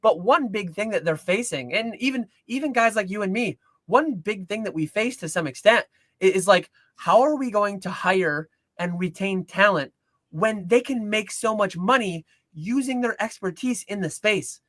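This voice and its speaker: A man talks on a casual livestream, his voice bright and a little high. He circles back and restarts his sentences, explaining in earnest. The sound is close and dry. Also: expressive, moderate pace, no room sound. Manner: rambling with frequent restarts and "like". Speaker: co-host of a card-collecting livestream.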